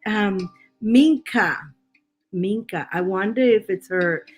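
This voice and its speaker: Woman doing tarot live, slow chatty talk, voice a bit worn, soft music in the back. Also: mid-range voice, low-quality recording. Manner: laughing often, chatty with viewers. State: voice worn from laughing. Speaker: tarot reader. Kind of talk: live stream reading.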